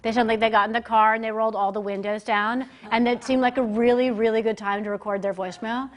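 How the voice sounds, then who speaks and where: A woman working as a communication coach, giving a lively, conversational business presentation to a group and acting out the voices she quotes. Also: fairly high pitch, fast talker. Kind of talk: live business presentation to an audience. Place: presentation room, speaking standing before a group.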